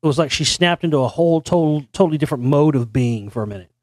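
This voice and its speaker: A man's voice: on the high side, lively intonation, fast, dry recording, clean studio sound. A male host telling a long story in a meandering, conspiratorial way, often restarting his sentences. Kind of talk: rambling storytelling monologue.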